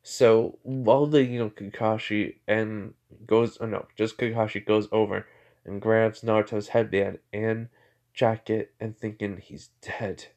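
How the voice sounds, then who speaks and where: Man, rambling fan story, lots of filler words, self-corrections, somewhat low voice. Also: level tone, unhurried, a little mellow, lo-fi sound. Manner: rambling, full of "like" and "you know", corrects himself often. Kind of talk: casual improvised storytelling.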